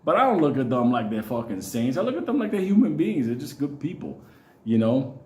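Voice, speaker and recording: A man's voice: medium pitch, very animated, fairly quick, a little mellow. A middle-aged man hosting his own channel, telling rambling, profanity-heavy personal stories and often laughing. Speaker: channel host. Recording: echoey room.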